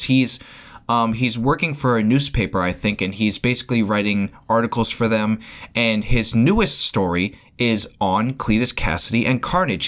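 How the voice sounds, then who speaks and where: A man giving a casual spoiler review of a film, rambling as he goes, often repeating words and restarting sentences. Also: fairly low pitch. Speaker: movie reviewer.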